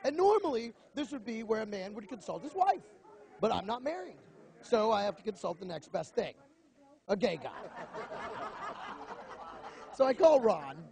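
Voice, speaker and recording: A young man doing a stand-up comedy routine on a club stage, telling stories animatedly and slipping into quick voices. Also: sits high, very animated, creaky, crowd noise. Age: young adult.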